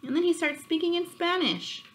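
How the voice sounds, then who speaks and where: A woman reading a children's picture book aloud, expressive and pausing to ask her listeners questions. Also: very high-pitched, poor audio.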